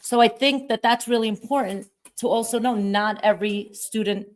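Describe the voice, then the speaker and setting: A woman's voice: a little high, fairly even intonation, normal speed. Engaged woman host with a Brooklyn accent. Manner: engaged, asks follow-up questions, affirming. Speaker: podcast host. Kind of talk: conversational interview.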